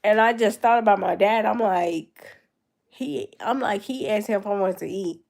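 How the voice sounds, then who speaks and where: A woman's voice: medium pitch, normal speed, vocal fry, darkish tone. A nineteen-year-old woman with a cold and a stuffed-up nose, rambling in casual chat with her viewers on a livestream. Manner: rambling, answering chat comments.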